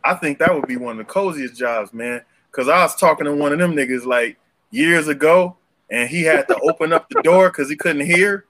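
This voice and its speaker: A young man, telling a slangy, animated story on a casual podcast and leaping up in pitch for punchlines. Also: a little fast. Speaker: podcast co-host.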